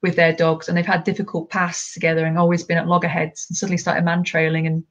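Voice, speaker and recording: A woman's voice: fairly low pitch, fast. Enthusiastic woman dog trainer, lo-fi. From United Kingdom. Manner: enthusiastic, animated storytelling, acts out dogs and owners. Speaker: mantrailing instructor, guest. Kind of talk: casual video call chat.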